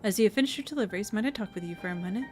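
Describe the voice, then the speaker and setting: Woman reading as a grave game village leader, formal and steady. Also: mid-range voice, rapid-fire, soft background music, lightly acted. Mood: solemn.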